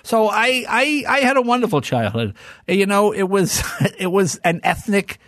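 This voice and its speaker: A man's voice: high-pitched, moderate pace, no echo, studio quality. An older man, a talk-show guest, telling childhood stories in casual conversation and slipping into voices. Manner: animated, fond of doing voices.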